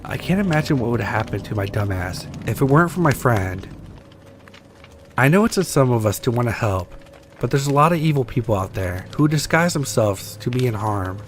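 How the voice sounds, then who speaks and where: A man reading scary stories aloud with a steady storytelling delivery that slows for tense moments. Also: medium pitch, slight background noise. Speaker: story reader.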